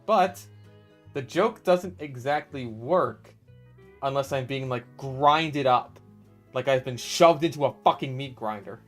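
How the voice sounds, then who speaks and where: Swearing gamer man, casual and loud. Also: mid-range voice, unhurried, faint music behind. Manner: swears a lot, bursts into loud exasperated yelling. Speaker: gaming video creator. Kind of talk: casual gameplay commentary.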